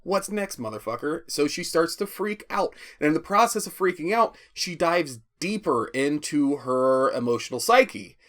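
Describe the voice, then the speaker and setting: A man's voice: fairly high pitch, animated, normal speed, few pauses, fairly bright tone. A man giving a rambling, profane spoken movie review, often stammering and restarting. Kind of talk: casual spoken film review.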